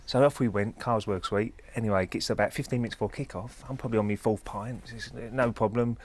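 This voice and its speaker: A former footballer telling a relaxed, laughing story in casual chat. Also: male voice, on the low side, quick pace, hardly any pauses, slight background noise. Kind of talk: casual anecdote on a chat show.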